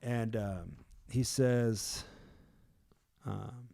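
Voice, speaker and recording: A man's voice: medium pitch, unhurried, darkish tone. A man leading a casual group discussion, retelling a story in a chatty way with slang and laughter.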